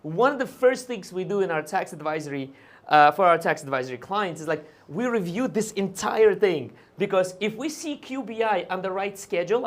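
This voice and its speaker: Chatty man explaining taxes live. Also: high-pitched. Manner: conversational, checks in with "right?" and "okay?"; hedges on details. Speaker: host and tax advisor.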